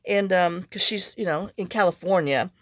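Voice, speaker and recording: A woman's voice: lowish voice, moderate pace, a bit bright, no echo, studio quality. A woman vlogger chatting casually while making a journal, rambling through stories and muttering to herself as she works. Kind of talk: casual chat while crafting.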